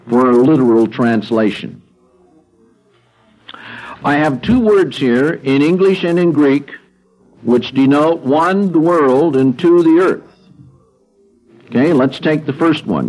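A man's voice: mid-range voice, darkish tone, poor audio. A man teaching Greek grammar in a classroom lecture, patiently repeating words and checking in with "okay?". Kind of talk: classroom lecture walking through a worksheet.

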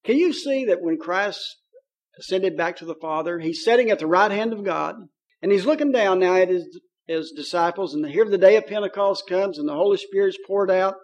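A man preaching a sermon in a folksy, conversational way, reading scripture aloud and slowing on key phrases. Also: sits high, highs cut off. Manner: folksy and conversational, paraphrasing scripture in plain talk.

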